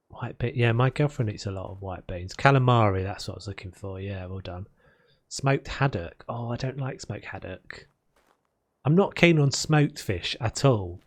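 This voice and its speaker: A man streaming a video game, chatting casually and rambling between topics as he builds. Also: mid-range voice. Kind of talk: casual chat while playing.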